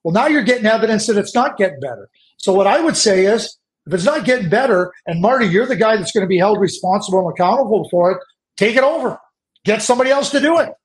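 A middle-aged man with a noticeably high voice talks hockey as a guest analyst. He argues insistently, doubling back on words to hammer home his point. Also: expressive, fast. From Canada. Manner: insistent, repeats words when pressing a point. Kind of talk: emphatic opinionated sports talk.

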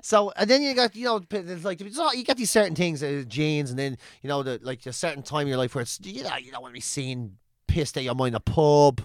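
A man's voice: on the high side, brisk, dry recording, clean studio sound. A man in his forties with an Irish accent, talking in a sweary, joking casual chat as a podcast co-host. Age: 40s.

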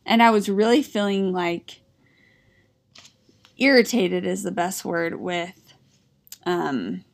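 A woman's voice: on the low side, takes it slowly, creaky. A woman in her thirties, a podcast co-host, chatting casually and telling a story with frequent laughs. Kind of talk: casual chat.

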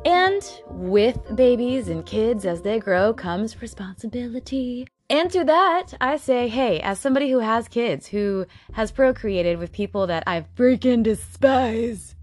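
A woman's voice: on the high side, lively intonation, unhurried, few pauses, no room sound, soft background music. A woman casually narrating a true crime story, blunt and sarcastic, swearing in her asides.

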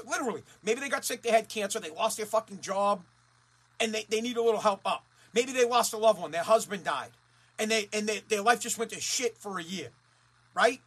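A man from Massachusetts in a profane, heated rant who swears constantly, repeats himself and rises to shouting. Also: very high-pitched, slightly rough. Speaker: ranting commentator.

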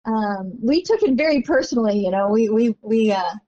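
An older woman tells stories in a chatty, rambling way, leaning on "you know" as she talks. Her voice sits a little high for a woman. The audio is dull and lo-fi. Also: animated, normal speed, warm tone, slight background noise. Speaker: interview guest, longtime season ticket holder. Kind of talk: casual storytelling interview.

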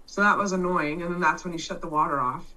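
A woman in casual chat, loud and blunt, swearing freely and restarting her sentences as she tells a story. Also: lowish voice, fairly even intonation, quick pace, distant mic, poor audio.

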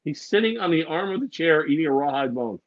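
A man co-hosting a podcast, telling funny stories in a casual, animated way and sometimes putting on voices. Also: fairly high pitch, quick pace, no room sound, muffled recording. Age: adult with a daughter. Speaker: podcast co-host. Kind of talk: casual chat.

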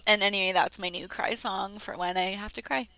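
Smooth, bright-voiced young woman chatting. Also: medium pitch, fairly even intonation, fairly quick, dry recording, poor audio. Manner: chatty, laughing, self-deprecating. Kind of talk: casual chat.

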